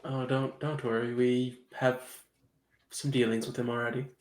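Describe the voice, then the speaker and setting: A man's voice: medium pitch, little pitch movement, moderate pace, a little mellow, lightly acted. A man voicing a gracious hostess mother. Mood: welcoming. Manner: gracious, hospitable. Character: polite, welcoming mother of a friend. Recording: roomy echo.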